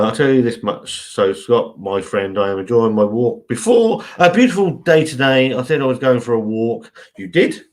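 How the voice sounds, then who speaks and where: A man, chatting casually and rambling on a live stream, swearing freely. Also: on the low side. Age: 40s.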